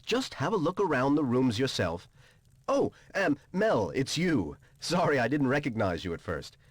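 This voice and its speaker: A lively, welcoming innkeeper. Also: male voice, mid-range voice, moderate pace, breathy edge, dry recording, studio quality. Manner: welcoming, effusive. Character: friendly male innkeeper, eager to serve. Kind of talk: video game voice acting.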